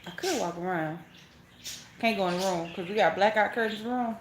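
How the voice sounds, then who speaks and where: A middle-aged woman, chatting casually on a phone livestream from home and greeting each viewer with a high "hey". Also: brisk, a little hiss or hum. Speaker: vlogger hosting a phone livestream. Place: at home, indoors. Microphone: phone held at arm's length. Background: pet birds chirping.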